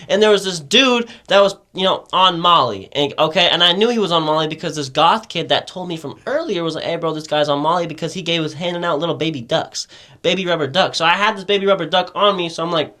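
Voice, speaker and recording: A young man with a high, light voice tells a long, rambling story in casual podcast chat. He swears freely and keeps checking in with his listener, his delivery loose and animated. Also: quick pace. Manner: rambling, profane, animated storytelling with lots of "right?". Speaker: podcast host telling a story.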